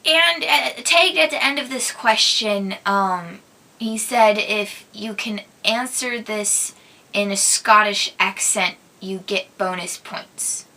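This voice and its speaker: A woman's voice: mid-range voice, slow pace, pushed and bright. A young woman from Minnesota hosting her own vlog, chatting casually and answering viewer questions, giggly and hesitant with plenty of ums. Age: young adult. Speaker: vlog host. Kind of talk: casual chat.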